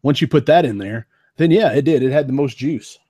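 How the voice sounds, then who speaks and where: A husky, mid-range male voice at a fairly quick pace, recorded with no room sound. The speaker co-hosts a podcast and, having been a teen in the late '90s, chats casually and animatedly about old game consoles, often saying "man" and "dude."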